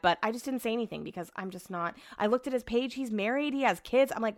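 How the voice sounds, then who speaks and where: A woman's voice: fairly high pitch, expressive, fast talker, hardly any pauses, fairly bright tone. A woman chatting casually at home as a vlog host, sarcastic and swearing freely. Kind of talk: casual chat.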